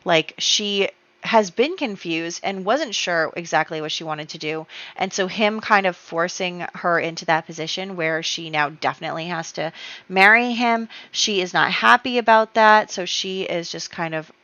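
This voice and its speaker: Woman narrating her sims drama, lots of fillers, bright sharp voice, kinda dull dry recording. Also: fairly low pitch, moderate pace, no room sound. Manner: chatty, storytelling, many fillers. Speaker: gameplay YouTuber. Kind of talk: casual game commentary narrating a story.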